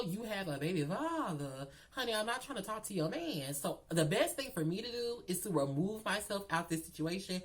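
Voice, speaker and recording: A woman tells a story in a casual, animated vlog style. Her voice sits on the low side, and she keeps calling her listener "girl" as she plays up the drama. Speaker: storytelling vlogger.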